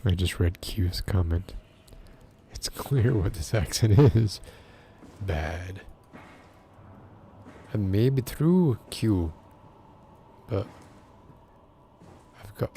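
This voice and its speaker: A soft-spoken man chatting casually and rambling while streaming a video game. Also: on the low side, slight background noise. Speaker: game streamer and ASMR creator. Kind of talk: casual livestream chat while gaming.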